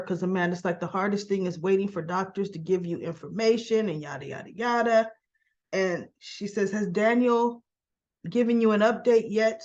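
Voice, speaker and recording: Casting note: chatty woman host, casual soap recap, slightly dull lo-fi sound, throat-clearing habit. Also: medium pitch, a little mellow. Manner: chatty, clears throat often, quotes characters in small voices.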